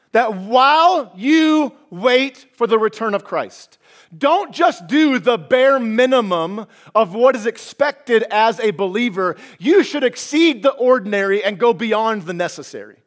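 A male pastor preaching a sermon to his congregation, animated and humorous, repeating key phrases for emphasis. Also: high voice, unhurried.

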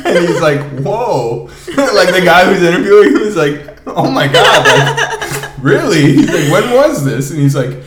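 A man's voice: high-pitched, a little slow. A young man co-hosting a casual podcast, telling stories with a lot of laughter. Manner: laughing, animated retelling of stories. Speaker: co-host. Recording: echoey room.

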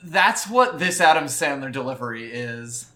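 Bright-voiced wry podcast co-host. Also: mid-range voice, lively intonation, normal speed. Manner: wry, brief interjections. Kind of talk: casual chat.

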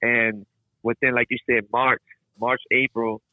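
A man's voice: medium pitch, level tone, measured pace, no echo. A man with a New Orleans accent, a flag football player who is a guest on a podcast and answers in an easygoing, plain-spoken way. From New Orleans, United States. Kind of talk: casual interview answers. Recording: tinny, dry phone line.

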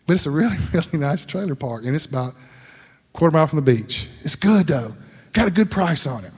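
A man's voice: on the high side, lively intonation, a little fast, breathy edge. A middle-aged man preaching a sermon, telling a folksy story and laughing often. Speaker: pastor. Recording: long hall reverb.

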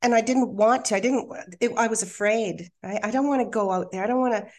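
A middle-aged woman, a podcast guest, telling a painful personal story with halting restarts, then reading her own poem. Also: on the high side, a little mellow. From Australia. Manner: candid, emotional, halting with restarts. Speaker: guest, hypnotherapist and coach.

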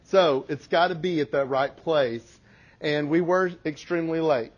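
A man giving a parenting talk, telling family stories with animated humor. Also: fairly high pitch, unhurried, muffled recording. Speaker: parenting speaker. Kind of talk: storytelling talk to an audience.

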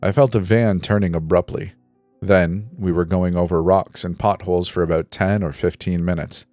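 A man with a very low, deep voice narrates a horror story in a slow, measured way. The voice is close and dry, with faint music playing underneath. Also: fairly even intonation, a little mellow, no echo. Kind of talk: scripted narration.

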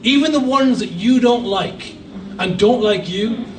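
A man's voice: sits high, animated, unhurried, roomy sound, far from the mic, a little hiss or hum, low-quality recording. A man preaching a sermon as a guest pastor, emphatic with humorous asides. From Ireland. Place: church hall.

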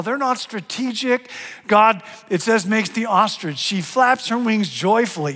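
A middle-aged man preaching a sermon as a pastor, animated and swinging from hushed to loud and emphatic. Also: very high-pitched. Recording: long hall reverb.

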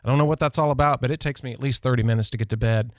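A man's voice: medium pitch, rapid-fire, no echo. A man hosting a local radio talk show in a studio, chatting casually and rambling through personal stories. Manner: chatty, rambling, self-deprecating. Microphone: studio microphone.

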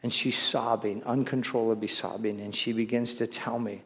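A man's voice: lowish voice, flat delivery, moderate pace, few pauses, fairly bright tone. Earnest male pastor in a reverberant church. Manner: conversational and earnest, with frequent restarts and asides. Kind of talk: sermon. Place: church sanctuary. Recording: long hall reverb.

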